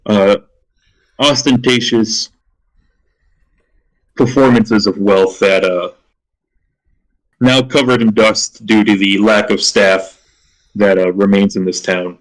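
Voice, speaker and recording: A man narrating a tabletop role-playing game as game master, halting with frequent restarts. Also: fairly low pitch, rough recording. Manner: halting, many restarts and fillers.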